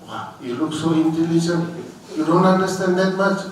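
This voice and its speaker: A man's voice: on the high side, moderate pace, slight background noise, pitched above the performer's own voice, natural voice. A monk playing a pushy businessman. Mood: coaxing. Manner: persuasive, repeats himself. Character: pushy middle-aged businessman, condescending. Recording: very echoey distant hall mic.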